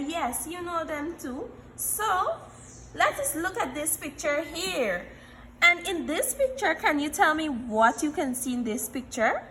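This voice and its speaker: A woman teaching young children a phonics lesson, encouraging them and repeating letter sounds slowly. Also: sits high, a bit bright, reverberant, a little hiss or hum. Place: classroom.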